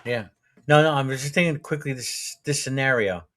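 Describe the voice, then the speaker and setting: A man's voice: mid-range voice, moderate pace, fairly bright tone. Bantering man hosting a live stream. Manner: bantering, laughing, many restarts. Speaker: host. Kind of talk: casual chat on a live stream.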